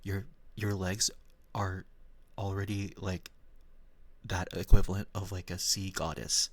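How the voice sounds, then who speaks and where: Soft husky man, whispered role-play. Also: deep voice, level tone, unhurried, dry recording. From Philippines. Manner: soft-spoken, giggly, chatty with chat. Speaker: streamer.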